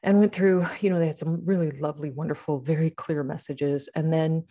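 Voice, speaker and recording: A woman with a notably low voice talks in a loose, casual podcast ramble. She is middle-aged, and her speech is full of fillers and restarts as she chats with a co-host. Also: fairly even intonation, fairly quick, mellow. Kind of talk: casual chat.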